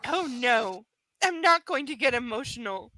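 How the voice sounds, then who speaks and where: A woman's voice: fairly high pitch, animated, moderate pace, bright, forceful tone, no echo, poor audio. Sarcastic woman reading a novel aloud. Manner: sarcastic, exasperated asides. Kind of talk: live book reading with commentary.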